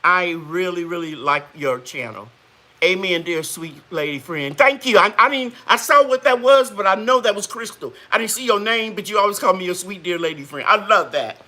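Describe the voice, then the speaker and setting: A woman's voice: on the low side, animated, normal speed, sharp tone. A woman hosting a live gardening chat, folksy and chatty, greeting viewers and laughing often. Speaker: gardening channel host.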